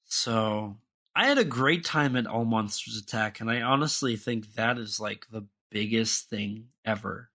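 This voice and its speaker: A man's voice: fairly low pitch, unhurried, sharp tone. A young man co-hosting a podcast, talking in a casual, rambling way with many restarts and fillers. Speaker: podcast co-host.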